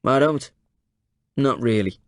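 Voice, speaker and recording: A man's voice: medium pitch, slow pace, dry recording, natural voice. A skeptical male journalist, played by a man. He presses with pointed, sardonic questions in a mid-range voice. The recording is dry with no room sound. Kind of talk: audiobook character voice.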